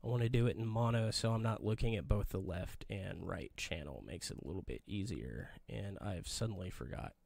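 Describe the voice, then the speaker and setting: Gravelly man rambling through a demo. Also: low-pitched, fairly quick, hardly any pauses, a little mellow, no room sound. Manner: rambling, self-deprecating, mutters asides to himself. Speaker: podcast host. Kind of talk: casual live-stream demo. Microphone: desk microphone.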